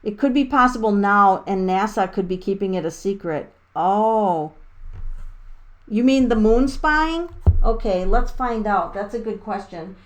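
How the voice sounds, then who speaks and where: A woman giving a casual tarot reading to her viewers, excitable and rambling, with laughs and the odd swear. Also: medium pitch, unhurried. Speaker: tarot reader.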